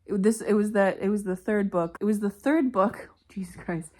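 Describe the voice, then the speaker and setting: A young woman talking casually at home in a reading vlog, candid and quick to swear and laugh. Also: mid-range voice, darkish tone. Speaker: book vlogger.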